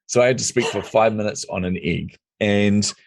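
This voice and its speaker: A middle-aged man, a podcast guest telling his story with lively acted-out dialogue. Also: on the low side, normal speed, vocal fry, no echo. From New Zealand. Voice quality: lively storyteller who acts out quoted dialogue. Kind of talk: casual storytelling interview.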